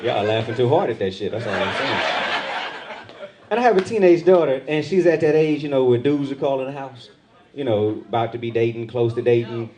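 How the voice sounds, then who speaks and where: On a club stage with a handheld mic, a middle-aged man does brisk stand-up comedy, jumping into loud, high voices whenever he acts out other people. The live recording is full of loud crowd laughter.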